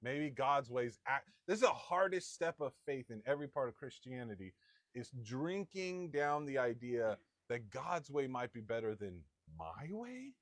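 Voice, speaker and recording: A man preaching a sermon in a loose, conversational way, acting out people's voices with sudden jumps in pitch. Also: very animated, moderate pace, dry recording. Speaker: pastor.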